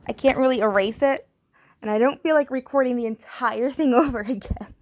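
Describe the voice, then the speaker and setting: A young woman teaching a recorded spelling lesson to third graders, playful and self-mocking, spelling words out slowly letter by letter. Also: high-pitched.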